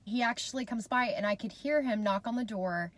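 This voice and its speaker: A mom vlogger in her thirties talks to camera in a fairly high, brisk voice. She shares a personal story in a chatty, heartfelt way, addressing her viewers directly.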